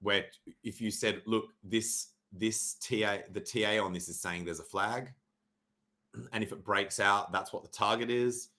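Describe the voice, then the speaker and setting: A young adult man hosting a casual livestream, sarcastic and mock-dramatic, swearing freely and often clearing his throat. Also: lowish voice, fairly even intonation, a little slow, bright, forceful tone. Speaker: livestream host reviewing crypto charts. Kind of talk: casual livestream chart talk.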